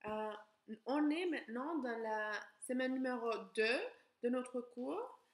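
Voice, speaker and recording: A young woman with a somewhat high voice teaches beginner French, moving between French and English. She slows down to model pronunciation. The recording has a roomy echo. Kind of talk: recorded class lesson.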